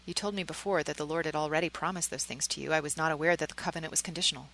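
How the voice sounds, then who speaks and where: A woman reading a quiet earnest young man. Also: low voice, fairly even intonation, racing, poor audio. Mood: hushed. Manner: soft, hushed and questioning.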